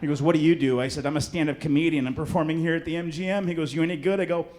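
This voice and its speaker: A man's voice: a little high, fairly even intonation, rapid-fire, a little mellow. A man from Chicago performing a stand-up comedy set on a club stage, brash and punchy, working the crowd. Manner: crowd work, brash punchy delivery with swearing. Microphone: handheld stage mic.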